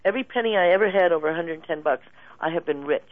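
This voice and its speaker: A woman guest telling stories in a casual interview, lively and laughing often. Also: fairly low pitch, quick pace, no room sound. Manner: animated storyteller, laughs often. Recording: tinny phone line, dry.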